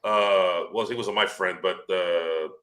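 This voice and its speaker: A man co-hosting a casual sports podcast, telling animated stories, swearing freely and acting out the people he quotes. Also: low-pitched, slow. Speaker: podcast co-host.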